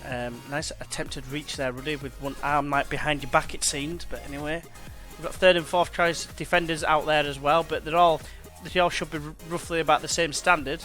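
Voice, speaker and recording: A man's voice: on the high side, flat delivery, moderate pace, few pauses, pushed and bright, faint music behind. A young man chatting and calling the action while playing a football management game. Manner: chatty, slangy, commentates play-by-play. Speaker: let's play gamer. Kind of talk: casual gameplay commentary.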